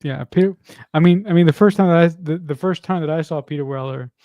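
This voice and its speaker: A man co-hosting a casual movie commentary, enthusiastic, halting with many fillers. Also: on the high side, dark tone, no room sound, lo-fi sound. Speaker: podcast co-host.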